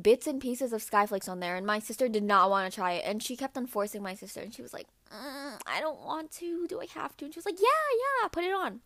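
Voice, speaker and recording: A woman's voice: mid-range voice, dry recording, studio quality. A young woman hosting a podcast, telling a story casually with lots of fillers and acted-out quotes. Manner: chatty, lots of "like" and "um", acts out quotes. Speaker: podcast host.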